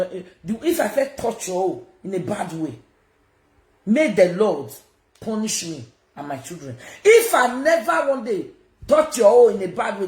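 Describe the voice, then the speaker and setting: A woman's voice: medium pitch, darkish tone. A confrontational Nigerian woman on a livestream rant, her voice leaping up and down as she talks. She mixes Pidgin into her speech. The room echoes around her. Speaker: social media personality.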